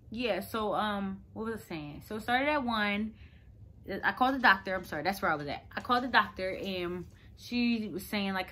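A woman's voice: medium pitch, bright, forceful tone, a little hiss or hum. A young woman telling a personal story to her viewers in a chatty, rambling way. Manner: chatty, rambling, lots of "like" fillers. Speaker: vlogger. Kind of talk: casual storytelling to camera.

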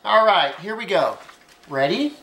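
A woman reading a story aloud to children, animated and addressing them directly, in an echoey room. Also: lowish voice, a little slow.

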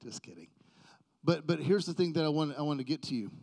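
A man's voice: a little high, animated, normal speed, gravelly, darkish tone. A middle-aged male pastor preaching a sermon in a church, conversational and self-deprecating, joking with the congregation.

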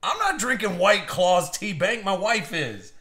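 A man hosting a live card-opening stream, excitable and swinging from hype to hushed suspense. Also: high voice, slow, echoey room. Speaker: card break host.

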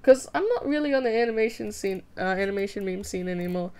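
A woman's voice: mid-range voice, expressive, fast, darkish tone, clean tone. Giggly young woman streamer chatting casually. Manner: playful, giggly, self-mocking, mock-dramatic. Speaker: streamer drawing fan art. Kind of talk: casual live-stream chat while drawing.

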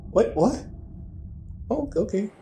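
A young man giving loud, profane, rowdy commentary while playing a game. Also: high-pitched, slight background noise. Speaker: gameplay commentator. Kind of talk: crude gameplay commentary.

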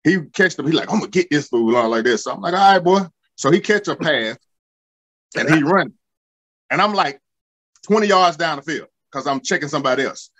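A man, telling rowdy football stories in slangy, swearing, animated chat. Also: a little high, a little fast, pauses often. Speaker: guest, former football linebacker. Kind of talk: casual storytelling.

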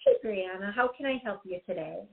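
Her medium-pitched voice is expressive and fairly quick, with vocal fry. As a psychic hosting a call-in radio show in tinny, phone-like audio, she chats and giggles, warning the caller again and again.

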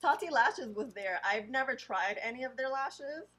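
A woman vlogger with a slightly high voice chats her way through a haul. She reads each product name slowly and carefully, then drops into quick, offhand remarks. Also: lively intonation, bright, forceful tone, poor audio. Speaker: beauty vlogger. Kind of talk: casual haul unboxing.

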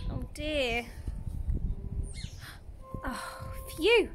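A woman, a nursery teacher, reading a picture book aloud to young children in an animated way, full of gasps. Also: sits high, slow, noisy background. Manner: animated, gasping, exaggerated storyteller.

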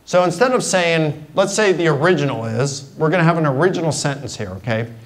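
A man's voice: fairly high pitch, fairly quick, poor audio. A middle-aged man giving a university guest lecture in a conversational way, explaining points through simple examples. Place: lecture hall.

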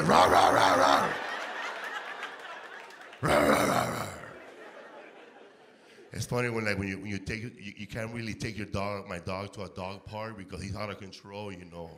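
A man doing a profane stand-up set, loud, swinging his voice up to shouts and acting out barks. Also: medium pitch, slight background noise. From Mexico. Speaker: stand-up comedian. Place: comedy stage before a live audience.

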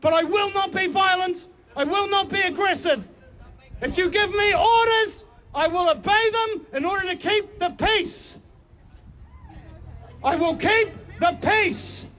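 A man shouts his pleas to the people around him, repeating himself over and over, his voice pushed very high. He is outdoors on a city street, and a loud crowd is clearly audible behind him. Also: measured pace. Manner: pleading, repetitive, shouting. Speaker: protester being arrested.

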